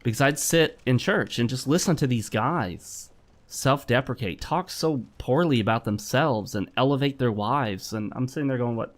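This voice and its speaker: A man's voice: medium pitch, normal speed. A middle-aged man giving blunt, opinionated commentary while playing a game, lecturing and repeating himself. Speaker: gaming commentator. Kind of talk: opinionated commentary over gameplay.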